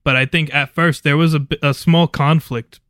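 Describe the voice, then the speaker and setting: A man's voice: a little high, fairly even intonation, moderate pace, fairly bright tone, no room sound, clean studio sound. A man co-hosting a podcast in casual chat, opinionated and laid-back, swearing now and then. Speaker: podcast co-host.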